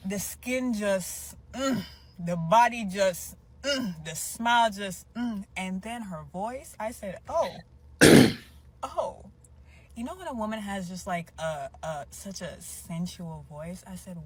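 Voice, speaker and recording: Gushing, animated woman in a clip. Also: mid-range voice, husky. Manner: animated, gushing, playful, drawn-out exclamations. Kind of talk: casual confessional video.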